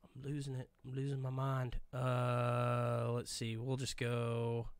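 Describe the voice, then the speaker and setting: A man with a gravelly edge to his voice hosts a live podcast, rambling through a screen demo. He mutters asides and pokes fun at himself as he goes. The mic sounds dry and close. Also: medium pitch, completely flat delivery, slow, dry recording. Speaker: podcast host. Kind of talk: casual live-stream demo. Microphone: desk microphone.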